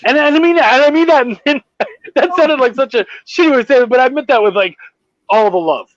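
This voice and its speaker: A Canadian man hosting a casual podcast chat, excitable and swearing freely as he talks. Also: very high voice, a little fast, no echo, dull audio. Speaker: podcast host.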